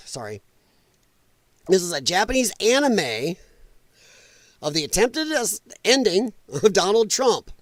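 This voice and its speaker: Blunt high-voiced man streaming. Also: no room sound. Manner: loose, blunt, laughs at clips. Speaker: livestream host. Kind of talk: casual livestream commentary.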